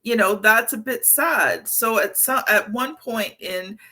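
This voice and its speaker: Bright-voiced chatty woman host. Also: on the high side, a little slow. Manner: chatty, many fillers, tells personal anecdotes. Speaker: podcast host. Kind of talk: conversational interview.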